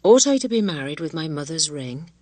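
An ingenuous young village woman talks with plain, tender warmth, as a woman narrator reads her part. Her voice sits slightly low, recorded close and dry. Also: very animated, brisk, no echo. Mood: fond, ingenuous.

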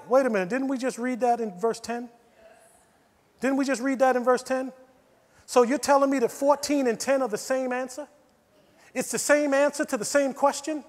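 High-voiced American pastor preaching in a reverberant church. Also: male voice, steady tone, normal speed. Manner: swings from near-whispers to emphatic preaching. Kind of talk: sermon. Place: church sanctuary. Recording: long church hall reverb.

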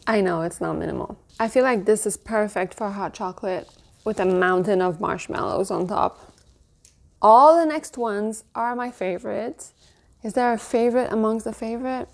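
A woman in her thirties chatting casually at home while showing off a haul, gushing and now and then cooing in a high baby voice. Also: normal speed, vocal fry. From Canada. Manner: gushing, coos in a high baby voice at her dog and cute mugs. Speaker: vlogger. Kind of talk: casual show-and-tell haul.

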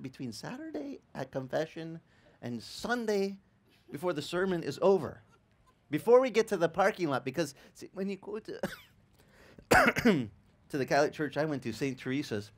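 Animated storytelling male pastor. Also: mid-range voice. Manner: lively storytelling, acts out quotes, stammering restarts. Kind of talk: sermon. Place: church.

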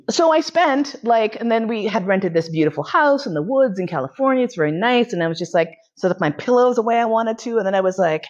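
A woman lecturer telling a candid story in a frank, bawdy and animated way, laughing often. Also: mid-range voice, fairly quick, lo-fi sound.

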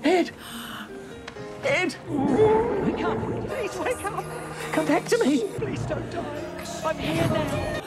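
A man's voice: very high voice, big pitch swings, slow, long pauses, loud music behind the voice, exaggerated voice. An actor playing a remorseful man pleading tenderly with his dying lover, from a TV series.

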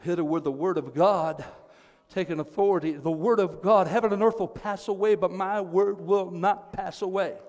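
Fervent male pastor, high voice, long church-hall reverb, a storytelling sermon. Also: moderate pace. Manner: impassioned storytelling, building to fervent shouting. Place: church sanctuary.

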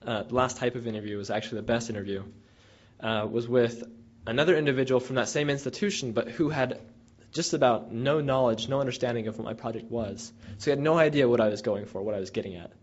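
A man's voice: mid-range voice, fast talker. A young man, a former field researcher, casually telling students an anecdote in a rambling way, with many restarts and fillers. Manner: rambling, with many restarts and fillers, animated when retelling dialogue. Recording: dull lo-fi recording.

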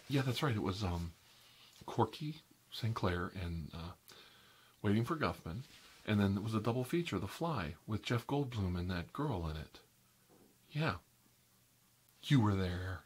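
A man voicing a chatty, oversharing interior decorator in a whispered role-play, rambling and gossiping with sudden high squeals and soft asides. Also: breathy edge, exaggerated voice. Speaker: ASMR role-play creator.

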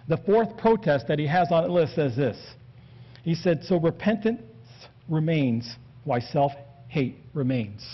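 An earnest male pastor preaching a sermon in a steady, measured way. His voice sits a little on the high side. The recording is muffled and lo-fi. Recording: dull lo-fi recording.

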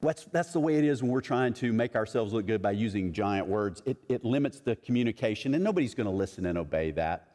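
A man's voice: fairly low pitch, animated, quick pace, few pauses, darkish tone, big-room sound. A middle-aged man preaching a sermon as a pastor, conversational and acting out other people's voices in his stories.

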